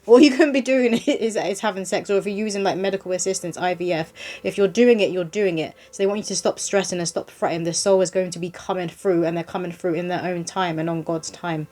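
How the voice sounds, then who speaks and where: A woman gives a casual spoken tarot reading. Her voice sits a touch low, and her delivery is chatty and reassuring, aimed right at the listener. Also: fairly even intonation, quick pace, few pauses, darkish tone. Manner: chatty and reassuring, talks straight to the viewer. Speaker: psychic medium doing a tarot reading.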